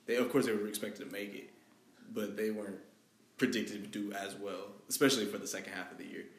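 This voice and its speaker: A man hosts a casual sports talk, chatty and steering the conversation forward. The room around him sounds echoey. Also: lowish voice.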